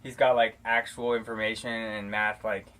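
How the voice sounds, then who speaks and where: This lowish, fairly bright male voice has little pitch movement and moves at normal speed. An American vlogger living in Arizona, he chats to his camera mic in casual talking-head shout-outs, affectionate and rambling, with many fillers and restarts.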